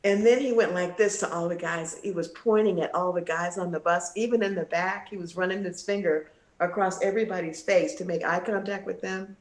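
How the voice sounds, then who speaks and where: A woman, a guest vocalist, telling a lively story over a video call and acting out the people she quotes. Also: on the low side, brisk, hardly any pauses, echoey room. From United States, Texas and California. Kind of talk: storytelling in casual interview.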